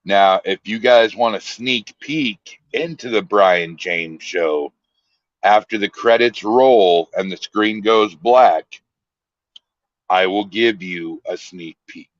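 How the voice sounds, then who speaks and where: Slow, low-voiced man telling stories. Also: no room sound. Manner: storytelling, laid-back drawl. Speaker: guest, paranormal team founder. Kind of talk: casual podcast chat. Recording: dull lo-fi dry sound.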